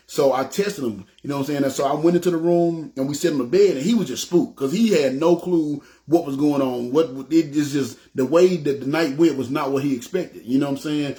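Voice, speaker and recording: A man with a Southern US accent telling his personal testimony, acting out the dialogue and often checking in with his listeners. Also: on the high side. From Memphis, US South. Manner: animated, acts out dialogue, keeps saying "you know what I'm saying". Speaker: ministry leader giving testimony.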